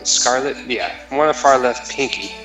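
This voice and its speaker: A man's voice: medium pitch, normal speed, roomy sound, loud music behind the voice. A man joining a let's play as side commentator, making joking, wisecracking remarks. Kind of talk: casual gameplay chat.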